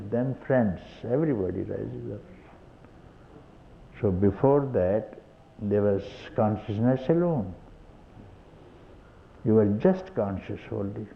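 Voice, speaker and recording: An older man with an Indian English accent gives a satsang talk as a spiritual teacher, often chuckling and posing rhetorical questions. His voice is medium-pitched and creaky. The tape is old and tinny, with a faint hiss.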